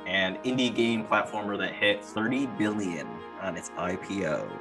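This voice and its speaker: A man with a low voice co-hosts a podcast in casual chat, dry and joking. Faint music plays behind him. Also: lively intonation, moderate pace. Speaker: podcast co-host.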